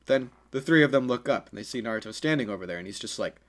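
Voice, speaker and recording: A man's voice: medium pitch, animated, quick pace. A man telling an improvised fan story in a casual, rambling way, with many fillers and self-corrections.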